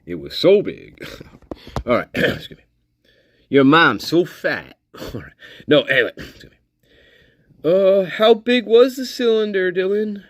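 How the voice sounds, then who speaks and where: A man's voice: high voice, lively intonation, a little slow, long pauses, no room sound. A man hosting a casual livestream chat, joking around and laughing between lines, sometimes dropping to a whisper. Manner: drops into breathy whispers at times. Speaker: livestream host.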